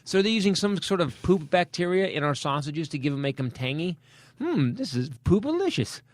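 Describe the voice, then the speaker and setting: A man co-hosting a comedy podcast in casual chat, incredulous and quick to laugh, often cutting in with questions. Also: a little high, no room sound, studio quality. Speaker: podcast co-host.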